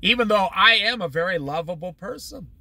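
A man leading a Bible study in a high, very bright voice that swings widely in pitch. He preaches conversationally and with humor, often slipping into quick everyday voices. The sound is dry and close. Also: lively intonation, dry recording.

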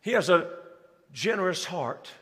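A man preaching a sermon in a large church, his voice high and bright. He swings between quick bursts and slow, drawn-out stressed words. The sound carries a long hall reverb. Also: expressive. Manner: preaching with rising emphasis and slowed, stressed phrases. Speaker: pastor.

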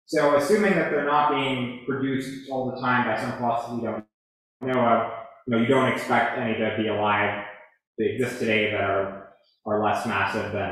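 A man explains science to a lecture audience, pausing and restarting as he thinks. His voice sits mid-range and rings out in a very echoey hall. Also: medium pitch. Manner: thoughtful, hedging, frequent restarts and "uh". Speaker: astrophysicist answering audience questions. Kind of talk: public lecture Q&A.

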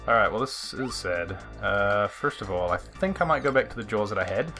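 Excitable man doing lively game commentary. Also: fairly low pitch, fairly quick. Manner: excitable, swears and laughs at the game. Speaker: let's play host. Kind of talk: casual gameplay commentary. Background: faint game music.

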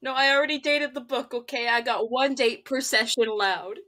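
Woman player, higher voice, playful and giggly in casual game chat. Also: brisk, sharp tone.

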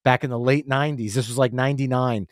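A man's voice: medium pitch, fast, dry recording, studio quality. A man in his forties, a podcast guest, telling stories in casual chat and acting out what people said. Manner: animated storyteller, acts out quotes. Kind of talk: casual storytelling.

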